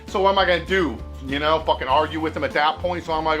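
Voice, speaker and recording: A man from Seattle telling a story in loose, casual talk with constant cursing and chuckles. His voice is bright and a touch high. Faint music plays under him. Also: fast, few pauses. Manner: laid-back, heavy cursing, chuckling. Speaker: host.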